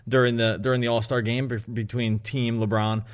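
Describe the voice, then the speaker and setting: A sports podcast co-host who works as a betting analyst chats casually in a brisk, level, mid-range voice. He rambles, corrects himself as he goes, and chuckles along the way.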